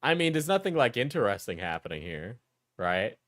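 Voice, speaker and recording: Man streaming a reaction, joking and laughing, lively pitch, dry sound. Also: fairly quick, dry recording.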